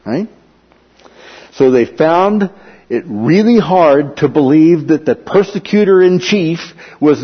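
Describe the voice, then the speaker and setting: A man's voice: mid-range voice, slightly rough. A man teaching a Bible lesson verse by verse, explaining word meanings and often checking in with "okay?". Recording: dull lo-fi sound with long hall reverb.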